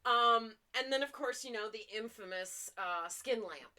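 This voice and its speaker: A young woman co-hosting a casual podcast chat, trading dark humor about killers and swearing casually, with lots of fillers. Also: fairly high pitch, unhurried, heavy background noise. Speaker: podcast co-host.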